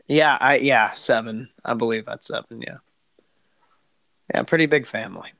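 A man's voice: medium pitch, normal speed, a bit bright, no echo. A man hosting a podcast in casual chat, rambling with lots of fillers and restarts. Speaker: podcast host.

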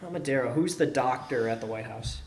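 A man co-hosting a podcast, chatting casually and firing off questions and teasing remarks. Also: medium pitch. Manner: quick questioning banter. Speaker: podcast co-host. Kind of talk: casual chat.

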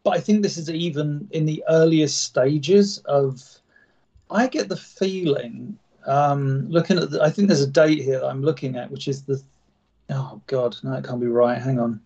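Male host, a little high, muffled lo-fi mic, chatty and self-deprecating. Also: moderate pace, darkish tone. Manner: stumbling, self-deprecating, laughs at own slips. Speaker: podcast host reading an old script. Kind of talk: casual chat and reading aloud. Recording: dull lo-fi sound.

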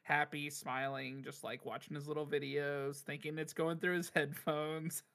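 A man's voice: a little high, little pitch movement, unhurried, gravelly, fairly bright tone. A man co-hosting a casual podcast, telling stories animatedly and laughing often. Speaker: podcast co-host, cafe worker. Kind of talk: casual chat.

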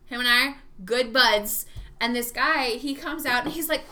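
Tipsy woman, high bright voice, swears a lot, animated storyteller vibe. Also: normal speed. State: tipsy from drinking. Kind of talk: casual chat.

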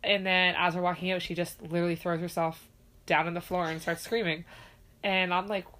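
A woman's voice: fairly low pitch, level tone, fairly quick, a bit bright. A woman, a mother, chatting casually and candidly, swearing freely and acting out quoted lines. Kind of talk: casual chat.

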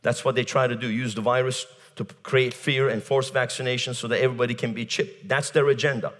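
A man preaching a fiery sermon, shouting, breaking into tongues and mocking laughter. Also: mid-range voice, flat delivery, fast. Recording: long hall reverb.

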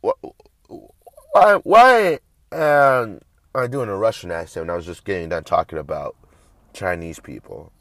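A young man hosting a show, talking in a crude, rambling monologue that swings between loud outbursts and mumbling. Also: deep voice, lively intonation, unhurried, dry recording. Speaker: podcast host. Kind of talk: casual profane monologue.

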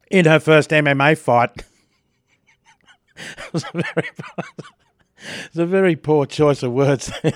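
A man's voice: fairly high pitch, dry recording, clean studio sound. A man with an Australian accent hosting a breakfast radio show, telling stories and reading news in a chatty way, often laughing, with a sore throat.

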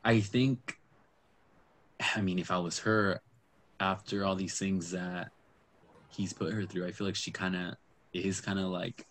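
A man's voice: low voice, steady tone, unhurried, long pauses, fairly bright tone. A man in casual, rambling chat about a reality show, full of fillers and asides. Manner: chatty, rambling, lots of fillers and quoted asides.

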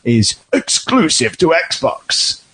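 A man's voice: fairly high pitch, big pitch swings, slow, over a noisy crowd. A man hosting a casual podcast chat, teasing his co-hosts in a dry way. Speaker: podcast host.

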